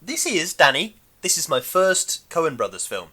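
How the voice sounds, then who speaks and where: Man, podcast co-host, bright voice, lively swooping pitch, rambling with lots of fillers. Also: unhurried, slightly rough. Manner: rambling, hesitant, many fillers. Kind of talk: casual film chat.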